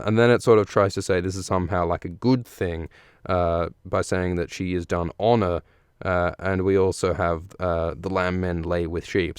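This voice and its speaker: Deep, smooth-voiced man musing out loud. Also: dry recording, clean studio sound. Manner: rambling and analytical, with many "uh" fillers and restarts. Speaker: podcast host. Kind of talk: casual book-chapter commentary on a live stream.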